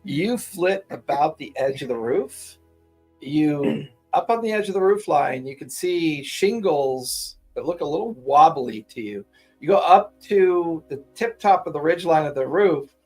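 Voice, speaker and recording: A man's voice: fairly high pitch, expressive, unhurried, darkish tone, faint music behind. A man running a tabletop game as game master, describing scenes steadily with the odd filler "uh".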